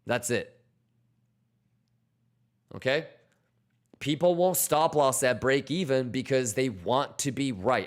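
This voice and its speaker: A man's voice: medium pitch, takes it slowly, pauses often. A man hosting a trading livestream in casual chat. He talks bluntly and swears freely, coaching his viewers on discipline and reading their questions aloud. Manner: blunt, profane, motivational, reads chat aloud.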